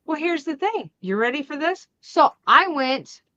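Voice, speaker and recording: A woman hosting a crafting channel, chatting casually and acting out the family arguments in her story with lively energy. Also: high-pitched, a little slow, dry recording, highs cut off. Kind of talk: casual chat.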